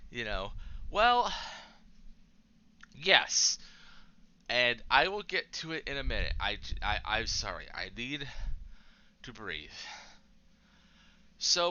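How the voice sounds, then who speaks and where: A man's voice: medium pitch, pushed and bright, clear, resonant tone, muffled recording. A young man rambling and ranting in a profane, frustrated vlog monologue about games and life. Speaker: YouTuber.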